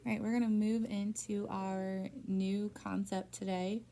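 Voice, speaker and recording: A woman's voice: medium pitch, little pitch movement, takes it slowly, warm tone. A young woman tutoring a child in phonics, patient and encouraging, guiding with questions. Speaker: reading teacher.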